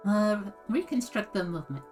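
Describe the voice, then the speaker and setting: A playful woman streamer with a mid-pitched, ordinary voice, chatting casually while she plays. She reads game choices aloud in a loose, giggly way, with soft music faintly behind. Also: sing-song, normal speed.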